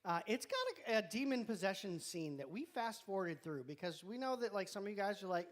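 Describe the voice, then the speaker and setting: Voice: mid-range voice, sing-song, fairly quick, hardly any pauses. A youth leader runs through the week's announcements in a loose, chatty way, cracking jokes at the kids in the room and chewing mid-sentence. The voice sits in an ordinary middle register. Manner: chatty, rambling, joking, talks while chewing. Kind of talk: casual live-stream announcements to a youth group. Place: church youth room with students present.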